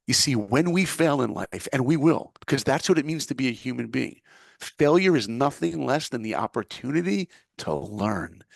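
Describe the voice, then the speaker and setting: A middle-aged American man, a former animator and speaker appearing as a guest, tells a personal story vividly, acting out both sides of each conversation. His mid-range voice is gravelly and expressive at normal speed, in a dry, clean studio recording.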